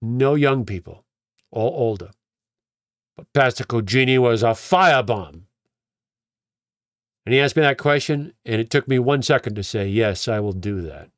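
With a medium-pitched voice, a moderate pace and long pauses, a pastor shares his personal testimony in a conversational way. He repeats words and dramatizes what others said to him, recorded dry and studio-clean.

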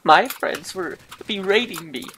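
A woman's voice: medium pitch, measured pace, slight background noise, rough recording. A woman giving a parody live commentary over gameplay, rambling, boastful and swearing constantly. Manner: profane, rambling, mock-boastful. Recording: loud keyboard typing behind voice.

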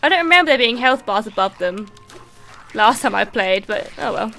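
A woman streamer giving excitable, swearing live commentary while playing a game and thanking viewers. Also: a little high, moderate pace, soft background music.

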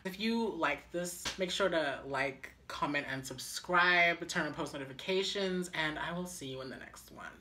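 A woman's voice: deep voice, normal speed, few pauses, pushed and bright, slight background noise. A young woman chatting through a craft project, dramatic and self-mocking, gasping and dropping into whispers. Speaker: crafting vlogger.

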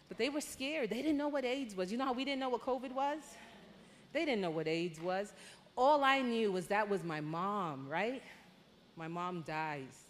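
A woman from Panama giving a lively, conversational testimony at a women's conference, with sudden excited outbursts. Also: fairly high pitch. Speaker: conference speaker. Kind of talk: testimony talk. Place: large church hall. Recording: hall reverb.

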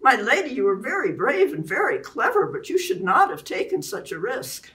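A woman reading aloud and voicing a steady woman warrior who speaks calmly and earnestly. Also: a little high, normal speed, recorded from a distance, pitched above the performer's own voice. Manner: calm, earnest.

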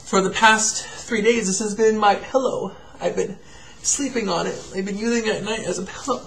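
A man, a father, gently reading a picture book aloud to his young daughter and then speaking to her in a soft, hesitant way at home. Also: high-pitched, steady tone, creaky, a little hiss or hum. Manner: gentle, soft and hesitant, with many pauses and fillers. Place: at home, indoors.

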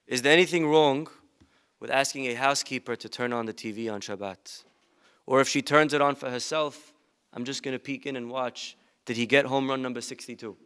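A man's voice: medium pitch, fairly quick, fairly bright tone, clean tone. A male rabbi giving a humorous sermon with stories and rhetorical questions to his congregation. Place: synagogue event.

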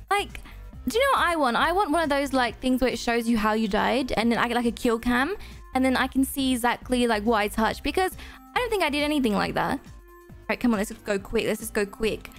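A young woman giving excitable, self-deprecating gameplay commentary as host of a gaming channel, gasping often. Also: fairly high pitch, brisk, faint music behind.

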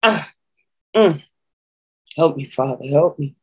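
A woman preacher giving an emotional spiritual testimony, moaning and sighing between phrases and pausing to collect herself. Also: sits low, lively intonation, slightly rough, rough recording.

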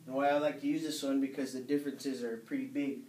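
A man giving a casual spoken language lesson, explaining in a relaxed way with some hesitations. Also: medium pitch, quick pace, slight background noise. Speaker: language teacher. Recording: echoey room, mic at a distance.

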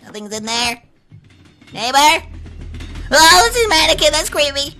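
A woman's voice: high voice, very animated, measured pace, sharp tone, low-quality recording. A young woman hosting a let's play, commenting as she explores, easily startled and shrieking when scared. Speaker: gaming channel host. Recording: faint game music behind. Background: game music.

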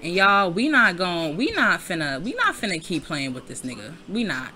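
A woman's voice: fairly low pitch, big pitch swings, normal speed, sharp tone. A young adult woman giving casual, laughing gameplay commentary, chatting to viewers with lots of slang and cursing. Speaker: Let's Play creator.

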